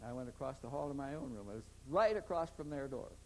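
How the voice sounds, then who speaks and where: An animated, fast-talking man with a medium-pitched, slightly mellow voice recounts his experiences in an interview. His long story rambles, he keeps repeating words as sentences start, and the poor audio has a bit of hiss or hum.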